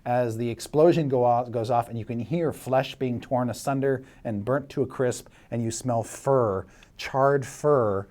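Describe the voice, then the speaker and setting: A man's voice: mid-range voice, a little mellow. Laughing man narrating a dungeon crawl. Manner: vivid, laughing narration with filler pauses. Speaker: dungeon master. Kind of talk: narrating a tabletop game.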